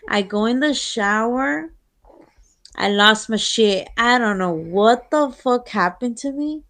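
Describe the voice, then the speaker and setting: Latina podcast co-host, slow and kinda gravelly, swears a lot, drops in. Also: female voice, on the high side, lively intonation, fairly bright tone. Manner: candid, profane, switches into Spanish. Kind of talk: casual chat.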